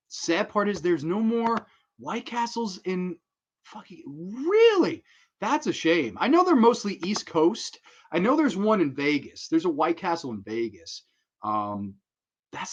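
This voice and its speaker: A man hosting a casual livestream, excitable and profane, laughing often as he talks. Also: fairly high pitch, a little slow, muffled recording. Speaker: livestream host.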